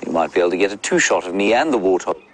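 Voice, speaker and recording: A man's voice: low-pitched, lively intonation, very fast, poor audio. A middle-aged man working as a safari guide, chatting live outdoors in a wry, wordy way and answering viewer questions. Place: outdoors in the bush beside a safari vehicle.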